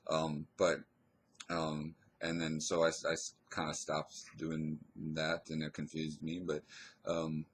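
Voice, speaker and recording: Very deep, husky man rambling hesitantly. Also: completely flat delivery. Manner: hesitant, rambling, full of pauses and restarts. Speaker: storyteller. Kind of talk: casual personal storytelling.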